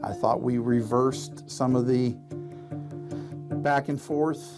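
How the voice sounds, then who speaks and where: A man's voice: medium pitch, steady tone, slow pace, over music. A man, a fire chief, giving cautious interview answers with restarts.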